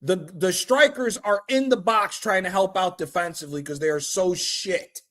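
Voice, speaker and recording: A man streaming a live reaction to a football match, excitable and profane, trash-talking the players. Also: high-pitched, normal speed. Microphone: streaming mic.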